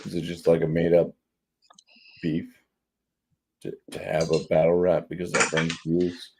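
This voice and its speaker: A man's voice: sits low, little pitch movement, measured pace, darkish tone, breathy edge. A man chatting casually on a beer review show, joking and restarting his words as he goes. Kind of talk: casual chat.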